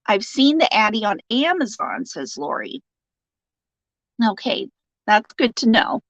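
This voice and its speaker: Chatty woman with a lively voice. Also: fairly high pitch, a little slow, no echo, highs cut off. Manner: chatty, laughing often, sympathetic and joking. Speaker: livestream host reading viewer comments. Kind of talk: casual chat.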